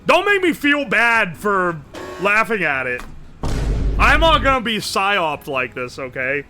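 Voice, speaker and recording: A man's voice: high voice, sing-song, unhurried, sharp tone, faint music behind. A man streaming live, reading his chat aloud and reacting in a joking, profane way. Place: home streaming setup.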